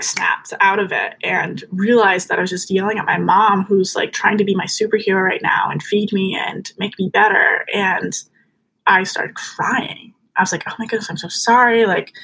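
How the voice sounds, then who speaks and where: Husky young woman telling a personal story. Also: mid-range voice, fairly bright tone, low-quality recording. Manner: earnest, chatty, lots of "like" and "um".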